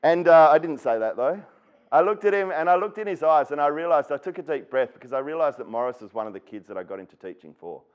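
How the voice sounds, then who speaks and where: A man's voice: fairly high pitch, expressive, fast, clear, resonant tone, dull audio. A man with an Australian accent, from Western Australia, giving a personal storytelling talk at an education event. He speaks earnestly and acts out the people he quotes.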